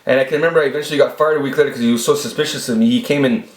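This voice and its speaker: A man in his forties recorded in an echoey room, talking at a middling pitch. He rambles through crude, swear-laden anecdotes about his past. He films it himself on his own camera. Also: fairly even intonation, racing. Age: 40s. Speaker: vlogger. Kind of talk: casual storytelling monologue. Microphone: self-filmed camera.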